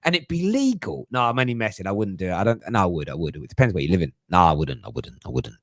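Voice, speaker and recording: A man's voice: low voice, racing, dry recording, clean studio sound. A young man hosting a casual live chat, jokey and slangy, laughing often. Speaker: livestream host.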